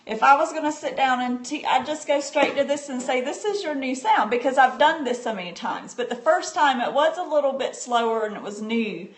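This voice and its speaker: Mom doing a casual home live stream, high voice, lots of um and like, roomy echo. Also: female voice. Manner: chatty, answers viewer comments, frequent fillers and restarts. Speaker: homeschooling parent demonstrating a reading book. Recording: echoey room with faint background noise.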